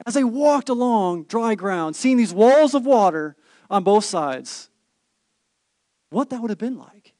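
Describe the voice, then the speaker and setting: A man's voice: high-pitched, animated, measured pace, warm tone, no echo, clean studio sound. A pastor in his thirties preaching a sermon, telling stories with rhetorical questions and playful asides.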